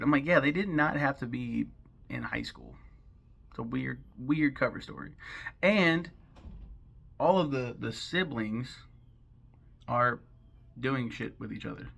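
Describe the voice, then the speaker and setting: A man's voice: mid-range voice, gravelly, sharp tone, husky. A man giving a casual, rambling film recap, sarcastic and swearing freely as he goes. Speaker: film commentary host.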